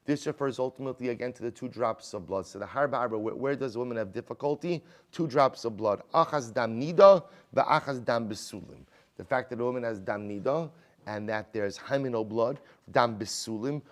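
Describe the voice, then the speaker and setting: Speaking at a medium pitch and a fairly quick clip, this rabbi leads a Talmud lesson laced with Hebrew and Aramaic vocabulary. His delivery is chatty and lively, with frequent restarts and rhetorical "right?" questions, and his volume rises and drops to stress points.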